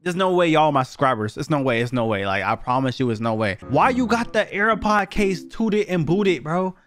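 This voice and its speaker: A man's voice: fairly high pitch, sing-song, normal speed, a bit bright, dry recording. A young man giving blunt, profane, slang-heavy reactions as he reviews viewer submissions in a casual video.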